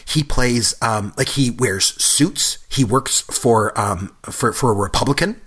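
A man's voice: mid-range voice, measured pace, a bit bright, breathy edge. A middle-aged man co-hosting a podcast in casual chat, rambling with fillers and restarts. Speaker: podcast co-host.

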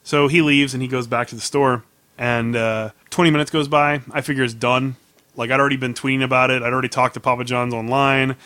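A man rattles through an exasperated story in quick bursts, with a bright, forceful edge to his voice. He swears freely and acts out each exchange as he retells it. He is recorded on a close mic that sounds dry, with no room around him. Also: medium pitch, no room sound. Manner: animated, profane, exasperated retelling. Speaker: podcast storyteller. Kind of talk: casual chat, telling an anecdote.

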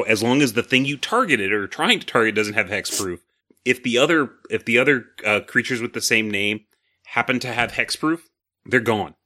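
A man's voice: on the low side, sharp tone. A man co-hosting a casual podcast, explaining card rules in a rambling, self-correcting way with frequent chuckles. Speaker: podcast co-host.

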